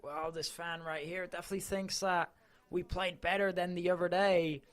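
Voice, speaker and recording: A man's voice: high-pitched, flat delivery, normal speed. A man reporting for a club channel, giving chatty, enthusiastic live match coverage.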